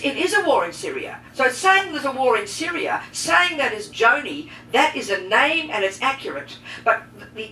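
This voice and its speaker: A woman teaches a group in a bright, fairly high voice. She talks with lively emphasis and turns straight to her listeners. The sound is echoey and distant, with faint noise underneath. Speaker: Buddhist teacher. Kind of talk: teaching talk with questions.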